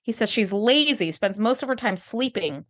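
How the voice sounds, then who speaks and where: A woman's voice: medium pitch, expressive, normal speed. A woman co-hosting a podcast in casual chat. She sounds enthusiastic, swears casually and drifts into personal asides. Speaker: podcast co-host. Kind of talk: casual episode recap chat.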